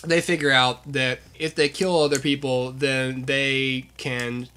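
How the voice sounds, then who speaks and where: A man's voice: medium pitch, a little slow, clear, resonant tone. A young man hosting a podcast, animatedly recapping a movie plot in casual chat and laughing often. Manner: animated storyteller, acts out scenes, laughs often. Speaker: podcast host.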